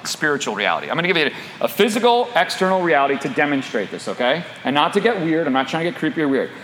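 A man's voice: a little high, slight background noise. A middle-aged man preaching a sermon, often asking the listeners questions. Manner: animated, asks the audience questions. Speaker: pastor. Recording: echoey hall with long reverb.

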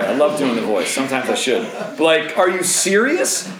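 A man in his thirties preaching a sermon in an animated, joking way, with asides to the crowd. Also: mid-range voice, moderate pace, roomy sound, poor audio. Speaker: pastor.

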